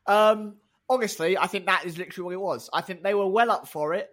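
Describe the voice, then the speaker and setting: A man's voice: high-pitched, fast, few pauses, fairly bright tone. A man co-hosting a podcast in casual, jokey banter. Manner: jokey, slips into comic impressions. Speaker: podcast co-host.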